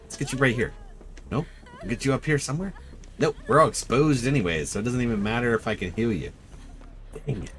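A man's voice: mid-range voice, brisk, pauses often. A man streaming a game live, chatting with friends, often yelping and laughing. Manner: excitable, yelps and laughs often. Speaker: gaming streamer.

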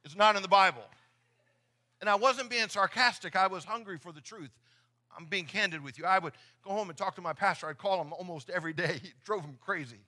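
A man's voice: high-pitched, quick pace, sharp tone. A middle-aged man preaching a sermon in church, earnest and often repeating his words as he talks. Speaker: pastor. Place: church sanctuary.

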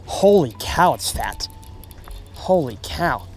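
A man's voice: a little high, big pitch swings, slow, slight background noise. A young man narrating his own fishing trip outdoors on a river, exclaiming and repeating phrases as he goes. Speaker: fishing vlogger. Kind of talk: excited fishing vlog commentary.

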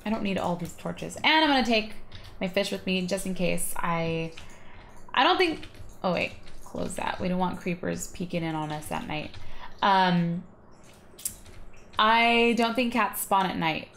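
A woman's voice: on the low side, animated, measured pace, long pauses, a bit bright, slight background noise. A woman hosting a gaming video, chatting casually and rambling with giggles as she plays. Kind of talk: casual gameplay commentary.

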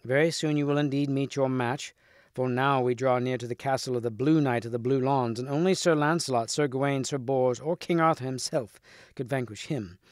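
A man's voice: medium pitch, a little fast, no room sound, clean studio sound, lightly acted. A man voicing a scornful, haughty young noble lady who sneers and insults. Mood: warning.

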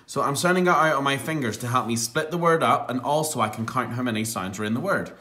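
A man teaching a phonics lesson to young children, encouraging them and sounding out words clearly. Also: medium pitch, fast, sharp tone.

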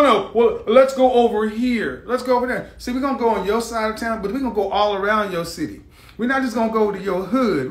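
A man hosts a live stream in a blunt, mocking, combative rant. His voice sits fairly high for a man. The sound carries the echo of a roomy space. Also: fairly bright tone.

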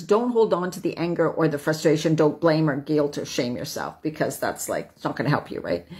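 A woman in her fifties giving a casual self-help talk, chatty, tagging her points with "right?" and laughing as she goes. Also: lowish voice. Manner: chatty, frequent "right?", laughs while talking. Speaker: host.

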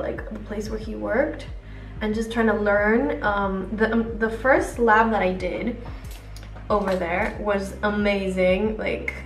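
A young adult woman vlogging chattily while doing her makeup, rambling with lots of fillers. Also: mid-range voice. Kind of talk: chatty get-ready-with-me vlog. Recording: roomy echo, distant mic, faint music.

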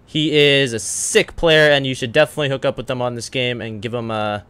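Smooth-voiced excitable gaming commentator man. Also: medium pitch, a little fast, hardly any pauses. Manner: excitable, swears casually, talks to the enemy. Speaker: gaming channel host. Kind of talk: live gameplay commentary.

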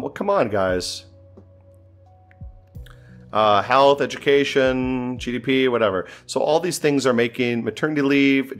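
A man thinking aloud as he plays a strategy game, often exasperated and swearing. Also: medium pitch. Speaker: gameplay commentator. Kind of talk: casual gameplay commentary.

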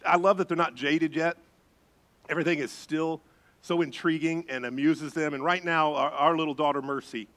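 A middle-aged man, a pastor, preaching a sermon with animated storytelling. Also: a little high. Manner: animated storytelling, acts out voices.

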